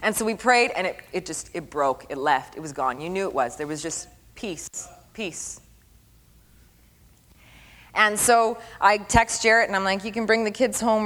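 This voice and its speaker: A middle-aged woman preaches an earnest testimony at a mid-range pitch. She repeats phrases for emphasis and sinks to a near-hush at tender moments. Her voice rings out with a long reverb, like a sanctuary. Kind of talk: sermon testimony.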